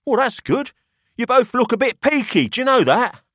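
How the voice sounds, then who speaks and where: A man's voice: very high voice, very animated, normal speed, a bit bright, dry recording, clean studio sound, voice pushed up, exaggerated voice. A man voicing a pushy, jovial older male collector who talks down to two young men. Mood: showy. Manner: expansive, theatrical, patronising.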